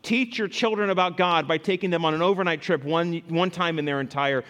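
A male pastor preaching a sermon, animated, rising loud for emphasis and dropping low to read scripture. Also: brisk. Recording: long reverb in a large hall.

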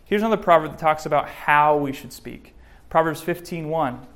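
A man giving a sermon, preaching in a lively, joking way with lots of rises and drops in voice. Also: normal speed. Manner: lively, joking preaching, varied pitch and loudness. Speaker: pastor.

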